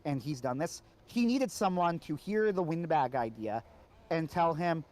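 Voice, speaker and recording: A man's voice: fairly high pitch, animated, normal speed, darkish tone. A man co-hosting a casual podcast discussion, talking conversationally and often checking in with "right?". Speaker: co-host.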